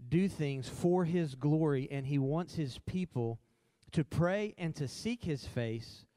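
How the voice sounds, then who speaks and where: A man's voice: fairly high pitch, takes it slowly, mellow, dry recording. A man co-hosting a church talk in a worship center, upbeat and affirming with a preacherly style.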